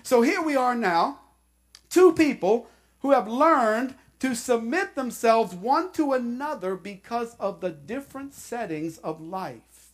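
A woman pastor preaching a sermon to her congregation, slow and emphatic, repeating key phrases. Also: a little high.

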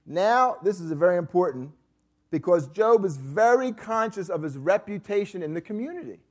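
Animated man teaching a Bible class. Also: high voice, moderate pace. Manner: emphatic, keeps checking with the class.

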